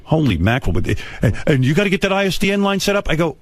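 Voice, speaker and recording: A man's voice: on the high side, big pitch swings, very fast. A man hosting a radio show, bantering casually in a blunt, profane, teasing way.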